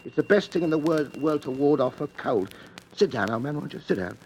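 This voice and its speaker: A man playing a cold, scheming father in a radio drama, smooth and menacingly polite. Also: a little high, expressive, fairly quick, darkish tone, a little hiss or hum. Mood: falsely genial. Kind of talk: 1940s radio acting.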